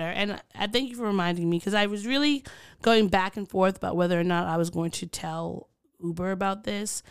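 A woman's voice: mid-range voice, clean tone, no room sound, studio quality. A woman co-hosting a casual podcast, chatting with many fillers and restarts. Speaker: podcast co-host. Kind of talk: casual conversation.

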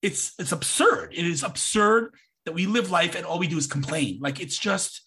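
A man's voice: high-pitched, lively intonation, moderate pace, pushed and bright, breathy edge. A man hosting a podcast over a video call, talking in a casual, emphatic way and slipping into mocking voices when he quotes people. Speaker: podcast host. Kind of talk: casual conversational interview.

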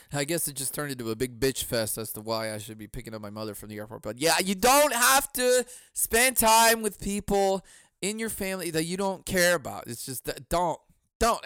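Comedy podcast dude rambling, swears a lot, says dude and man constantly, clear dry voice. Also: fairly high pitch, fairly bright tone, no echo. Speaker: podcast host. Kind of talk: casual comedic monologue.

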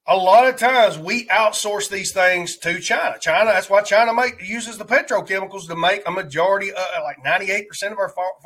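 A man with a thick rural Alabama twang talks in a bright, forceful voice that sits a little high for a man. He hosts a loose live-stream chat, wandering from point to point and tossing greetings and jokes to viewers. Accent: Alabama Southern rural twang. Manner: rambling, greets viewers in chat, joking asides. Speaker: livestream host.

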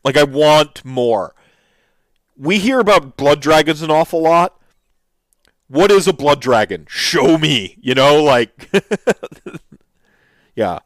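A man's voice: fairly high pitch, lively intonation, slow pace, pauses often, dry recording. A man hosting a casual commentary show, talking enthusiastically and rambling through restarts and fillers. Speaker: host reacting to miniature reveals.

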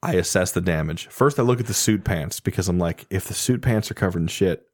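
Low-voiced man telling a wild story. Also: a little fast, no echo, studio quality. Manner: animated, laughing often, profane. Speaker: storyteller guest. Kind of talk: casual storytelling chat.

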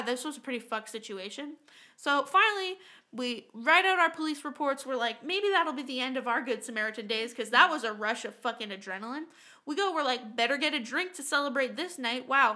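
A woman with a high, bright voice tells a story straight to her viewers. She is casual and animated, swears freely, and acts out what people said. She laughs along the way. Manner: laughs through the telling. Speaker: storytime vlogger.

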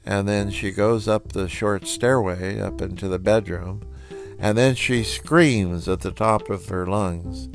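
Male storyteller, low and gravelly, conversational, acts out the dialogue. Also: unhurried, faint music behind. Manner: relaxed, conversational with quoted dialogue. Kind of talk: personal storytelling.

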